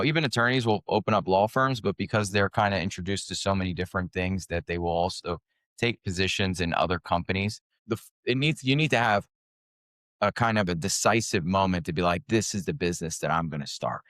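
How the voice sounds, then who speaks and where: A man in his forties, a podcast guest, talking casually with lots of fillers and lively anecdotes. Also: fairly low pitch, no echo, studio quality. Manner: conversational, animated anecdotes, many fillers. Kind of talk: casual interview talk.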